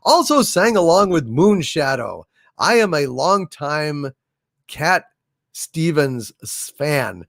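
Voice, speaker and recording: Hosting a casual livestream, a man calls out and thanks viewers by name as he reads their messages, drawing out his words without hurry. He sounds on the high side and sing-song, a bit bright with vocal fry, in a studio-quality recording without echo.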